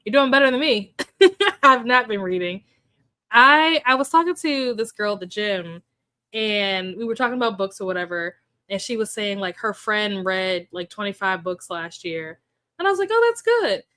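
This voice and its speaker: A young woman hosting a relaxed livestream, chatting casually, greeting viewers by name and laughing often. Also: mid-range voice, normal speed, clean tone, no echo. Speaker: livestream host. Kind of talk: casual chat with live chat readers.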